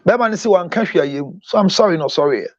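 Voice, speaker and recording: Husky, lively Ghanaian man counseling. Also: high-pitched, fast talker, no echo, highs cut off. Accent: Ghanaian English. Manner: dramatic, switches between English and Twi, acts out quoted people. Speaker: relationship counselor and show host. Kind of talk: animated counseling talk with acted-out stories.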